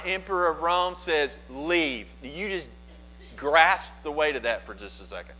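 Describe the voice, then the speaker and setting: A pastor preaching a sermon, telling the story with lively, animated asides. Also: male voice, fairly high pitch, poor audio. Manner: animated storytelling, voices biblical figures in asides.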